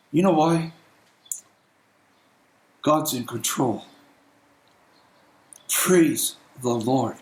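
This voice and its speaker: A man preaching a sermon as a pastor, telling stories conversationally and clearing his throat often. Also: fairly high pitch, darkish tone, reverberant, rough recording.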